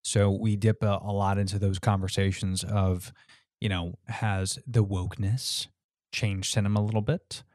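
A man's voice: fairly low pitch, level tone, normal speed, darkish tone, no echo, studio quality. A man hosting his podcast in casual chat, laid-back, with lots of fillers and swearing. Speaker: podcast host.

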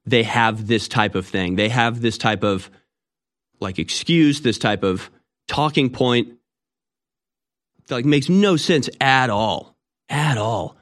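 A man's voice: medium pitch, expressive, slow, pauses often, fairly bright tone. A man delivering an opinionated, sarcastic monologue with rambling restarts. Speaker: commentator.

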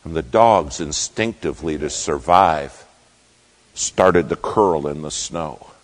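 A man preaching, slowly and dramatically retelling a true story in a sermon. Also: a bass voice, low-quality recording.

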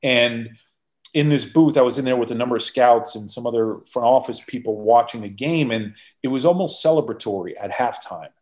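A man guesting on a podcast, a mid-pitched voice that sits right in the ordinary range. He tells stories with animation and keeps restarting his sentences. He talks like someone recounting his own experiences. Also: fairly quick. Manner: animated storyteller, frequent restarts. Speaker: podcast guest, former football executive. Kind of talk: conversational interview storytelling.

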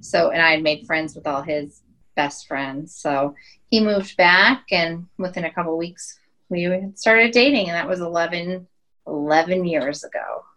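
A woman in her thirties from Wyoming, a podcast guest, tells stories in a casual chat full of "like" and "um." Her voice is lowish and a bit bright, at a normal speed, on a low-quality recording.

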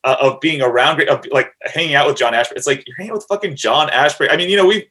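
Brief: halting, thoughtful man co-host, pitched a little high, easygoing. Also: sharp tone. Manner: hesitant, many fillers and restarts, laughs often. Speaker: podcast co-host. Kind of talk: casual chat.

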